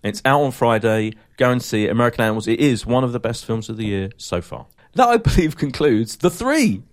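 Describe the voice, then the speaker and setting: A man on a casual podcast chat, his voice at an average pitch but lively, swooping up and down as he gushes. He piles on praise and circles back to repeat himself. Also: a little fast. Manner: enthusiastic, gushing, repeats himself. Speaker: podcast co-host. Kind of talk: casual chat, enthusiastic recommendations.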